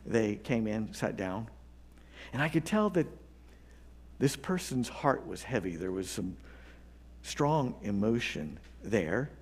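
A man pastor delivering a sermon, telling a story with earnest pauses and building to emphatic appeals. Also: on the low side, animated.

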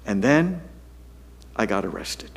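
A man, a pastor, telling a story in a sermon to his congregation, animated and self-deprecating, swinging from loud to hushed. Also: fairly low pitch, takes it slowly, creaky.

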